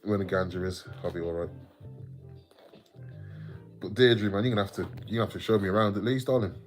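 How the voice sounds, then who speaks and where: A man with an English Midlands accent hosts a livestream, speaking fast in a low-pitched voice over soft background music. He rambles in a chatty way, swears freely, laughs often and reads out comments from viewers.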